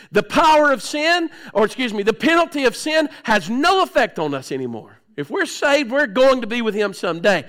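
A middle-aged man preaching a sermon, swinging from loud outbursts to hushed low tones and often clearing his throat. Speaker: pastor.

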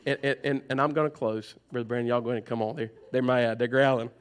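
Speaking at a quick pace with few pauses, a pastor gives a sermon in a church sanctuary in a steady, mid-range voice. His style is conversational: he teases the congregation and acts out their complaints by mimicking voices.

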